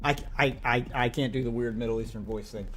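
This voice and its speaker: A man streaming live, reacting to a video with loud laughing outbursts and quick asides. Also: mid-range voice, steady tone.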